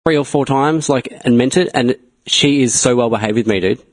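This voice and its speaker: A man's voice: mid-range voice, a little fast. A young man co-hosting a casual podcast, mostly agreeing with short replies and laughing along.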